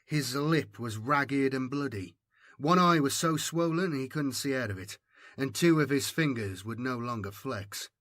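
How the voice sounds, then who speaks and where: With a medium-pitched voice, this male audiobook narrator tells the story in a steady, measured way. The sound is studio quality with no echo.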